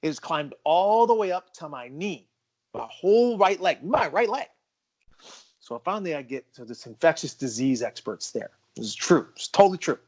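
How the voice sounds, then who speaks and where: A man's voice: on the high side, very animated, moderate pace, a little mellow. A man co-hosting a podcast, telling a personal story in an emphatic, casual way and stressing that it is true. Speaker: podcast co-host.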